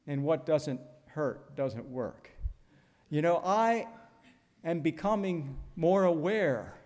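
An older man preaching a sermon in a measured, earnest way, pausing deliberately and reading scripture aloud. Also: on the high side, darkish tone, big-room sound.

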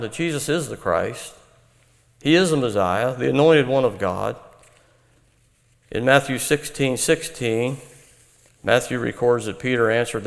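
A man preaching an earnest, measured Bible-teaching sermon. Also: medium pitch, gravelly, in a large hall.

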